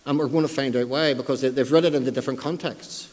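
A man's voice: mid-range voice, steady tone, quick pace, a little mellow. A man preaching a sermon, emphatic and repeating key phrases for stress, with self-deprecating asides. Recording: long hall reverb.

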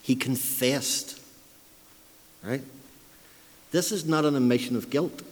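A man's voice: medium pitch, takes it slowly. A man preaching a sermon, emphatic and repeating key phrases for stress, with self-deprecating asides. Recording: long hall reverb.

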